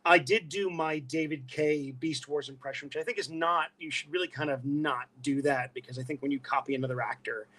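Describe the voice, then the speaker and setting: Animated New York man telling stories. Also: a little high, brisk, hardly any pauses, rough recording. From Brooklyn, New York. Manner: animated storyteller, breaks into voices. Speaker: guest, illustrator and costume actor. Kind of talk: casual interview chat.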